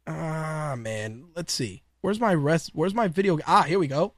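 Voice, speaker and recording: A man's voice: on the high side, animated, a little slow. A man hosting his own podcast in casual solo talk, rambling, laughing often and swearing freely. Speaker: podcast host.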